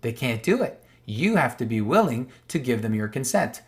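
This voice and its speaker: A man's voice: mid-range voice, sing-song, moderate pace, hardly any pauses. A man from Canada reading a legal document aloud on screen and explaining it emphatically, repeating the key points. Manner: emphatic and repetitive, stressing key words; reads passages aloud, then restates them plainly. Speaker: online commentator.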